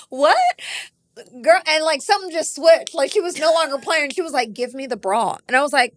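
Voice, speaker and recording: A woman telling a story on a podcast, animated and acting out the voices of the people in it. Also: sits high, a little fast. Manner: animated, acts out voices in her stories. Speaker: guest.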